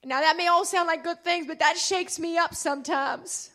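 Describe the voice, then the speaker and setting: A woman preaching a sermon with passion, calling out to the congregation and swinging between loud and hushed. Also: very high voice, moderate pace. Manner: calls out to the congregation.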